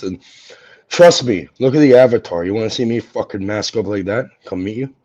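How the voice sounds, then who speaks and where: A man's voice: lowish voice, a little fast, darkish tone. A man ranting angrily and profanely on a livestream, confronting someone he is arguing with. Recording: dull lo-fi audio.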